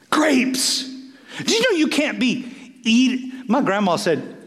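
Animated high-pitched preacher in a reverberant hall. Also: male voice, normal speed. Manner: animated, storytelling with voiced asides. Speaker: pastor. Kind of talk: sermon.

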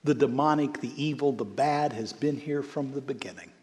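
A man preaching a sermon as a bishop, swinging between loud calls and hushed storytelling. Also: mid-range voice, moderate pace. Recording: long hall reverb.

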